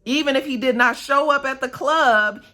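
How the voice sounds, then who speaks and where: Animated woman recapping a TV episode. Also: high-pitched, moderate pace. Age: adult, a mother. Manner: animated, profane, chatty with frequent "you know" and "okay". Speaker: TV episode reviewer.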